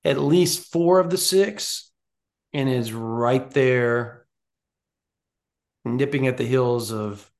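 Gravelly man in casual sports chat. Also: mid-range voice, slow pace, long pauses. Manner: animated, rambling with restarts. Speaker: recruiting podcast co-host.

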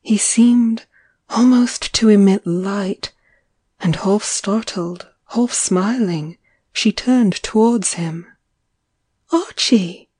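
Female audiobook narrator, unhurried and lyrical, mellow tone, dry studio sound. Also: mid-range voice, breathy edge, dry recording. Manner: slow, measured, lyrical.

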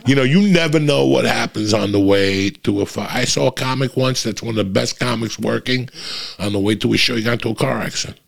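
Guy comedian on his podcast, real low gravelly voice, cursing nonstop while he tells a story. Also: fairly even intonation, fairly quick, a bit bright. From New Jersey. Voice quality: raspy. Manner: blunt and heavily profane, restless and swearing as he tells it.

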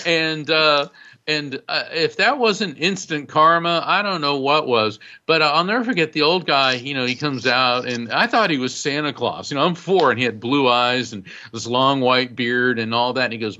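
An author being interviewed, talking casually and with lots of energy, saying "you know" often. His voice is bright and forceful, at a middle pitch. The recording sounds a little dull. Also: moderate pace. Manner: animated, fills with "you know", laughs while telling stories. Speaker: author and guest. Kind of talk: casual storytelling in conversation.

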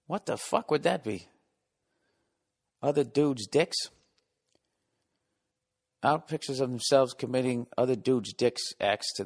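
A male podcast host in the middle of a casual comedic monologue. He rambles and swears, drifting between sarcastic asides. His mid-pitched voice carries a long echoing reverb. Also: moderate pace, pauses often, darkish tone.

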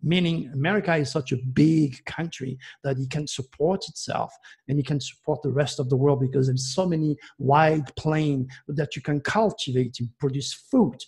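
Gravelly man, rambling astrologer. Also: a little high, normal speed, a little mellow. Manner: emphatic, digressive explaining. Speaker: astrologer guest. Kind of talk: rambling radio interview talk.

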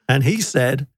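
A man's voice: medium pitch, no room sound. A man hosting a podcast, reading an ad and then telling stories in casual chat, laughing often. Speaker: podcast host.

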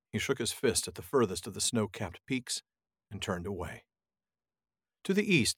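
A man with a fairly low voice reads a novel aloud in a measured, dramatic way before slipping into easy podcast chat. His sound is dry and close, with no room around it. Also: fairly bright tone, no echo. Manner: dramatic, measured reading voice that drops low for narration. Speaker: podcast co-host reading aloud. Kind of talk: reading a novel aloud, then casual discussion.

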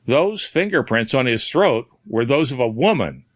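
A man's voice: medium pitch, animated, moderate pace, no echo, close to an everyday voice. A man voicing a puzzled, brusque middle-aged doctor in a storybook reading. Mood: grave.

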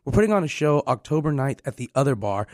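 A man's voice: mid-range voice, very animated, quick pace, a little mellow, no echo, studio quality. A man reading an earnest announcement for a benefit comedy show. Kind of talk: read announcement.

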